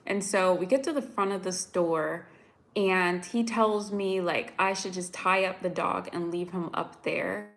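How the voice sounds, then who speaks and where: Young American woman vlogger, chatty and animated, telling viewers a story, near tears. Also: medium pitch, a little slow. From United States. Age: young adult. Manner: chatty, animated, many "like"s, addresses viewers directly. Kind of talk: casual storytelling to live viewers.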